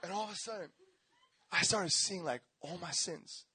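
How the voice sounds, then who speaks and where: Animated, high-voiced young preacher man. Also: moderate pace, breathy edge, some chatter behind. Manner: animated storytelling, acts out voices, slangy, laughing and shouting. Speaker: pastor. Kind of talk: sermon with personal testimony.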